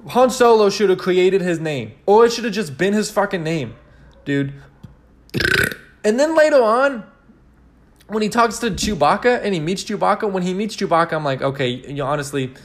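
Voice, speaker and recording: A man's voice: sits high, fairly quick, slight background noise. Rambling, profane young man ranting. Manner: rambling, profane, animated, many restarts. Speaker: podcast host. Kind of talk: casual solo podcast rant.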